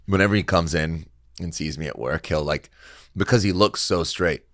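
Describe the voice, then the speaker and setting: A man's voice: deep voice, normal speed. A young man, a comedian guest on a podcast, telling stories in casual chat with plenty of laughs, a little tipsy from beer. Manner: laughs often, animated storytelling with put-on voices. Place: podcast studio. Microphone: studio mic.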